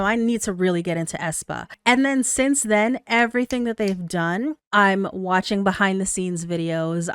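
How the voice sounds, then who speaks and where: A woman hosting a music reaction channel. She talks in casual commentary, gushing and excitable, swearing casually and swinging between hushed murmurs and loud bursts. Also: mid-range voice, clear, resonant tone, dry recording, clean studio sound.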